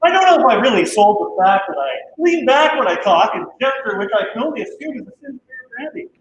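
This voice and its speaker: Improv comic, man, high voice, echoey home room, mock-earnest. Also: lively intonation, quick pace, lo-fi sound, background noise. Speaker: improv performer. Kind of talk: improv comedy over video call. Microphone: video call.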